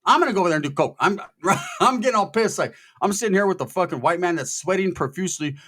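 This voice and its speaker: A man telling a story in a casual, profane, animated way, acting out the people in it. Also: high-pitched, fast talker. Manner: profane, animated, quotes people in their voices.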